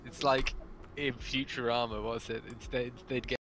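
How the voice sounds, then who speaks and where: A man's voice: mid-range voice, normal speed, a little hiss or hum. A man from Wales chatting while gaming, telling stories with swearing and frequent laughs. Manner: lively storytelling, swearing, laughing often. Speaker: gamer in voice chat. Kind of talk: casual chat.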